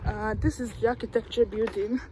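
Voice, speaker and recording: A woman's voice: fairly high pitch, fairly even intonation, brisk, mellow, a little hiss or hum. A young woman vlogging a walking tour of a university campus outdoors, chatty and self-mocking, talking to viewers through a handheld phone. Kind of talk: casual walking vlog.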